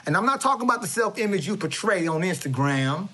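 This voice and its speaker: A man's voice: high voice, lively intonation, quick pace, bright, forceful tone. A man giving a swaggering, preachy comedic monologue with lots of stammering restarts. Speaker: comedic motivational speaker character.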